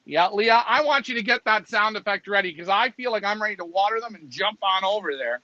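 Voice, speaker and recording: A man's voice: sits high, expressive, a little fast, sharp tone, dry recording. A man co-hosting a live stream, bantering and mocking himself in casual chat. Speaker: co-host of a live pigeon race stream. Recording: slightly dull lo-fi stream audio.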